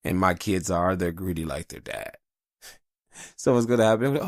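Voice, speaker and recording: A man's voice: low-pitched, brisk, no echo, studio quality. A tired man hosting a podcast in casual, rambling, profane chat. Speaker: podcast host.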